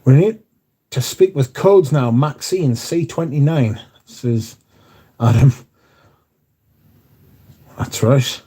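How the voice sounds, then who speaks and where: Hosting a casual livestream, a man chats, reads out viewer comments and swears freely. He takes it slowly with frequent pauses, his medium-pitched voice dark and slightly rough.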